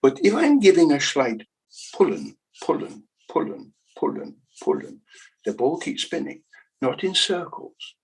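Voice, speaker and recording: A man voicing an old German astronomer in a put-on German accent, with mock-German word endings and slow, emphatic explaining. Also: on the high side, huge pitch swings, husky, pitched above the performer's own voice, heavily acted, low-quality recording. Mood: earnest explaining.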